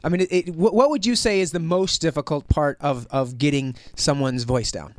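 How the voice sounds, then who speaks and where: Chatty high-voiced radio host man. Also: normal speed, no echo. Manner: chatty, informal. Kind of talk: casual radio interview. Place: radio studio.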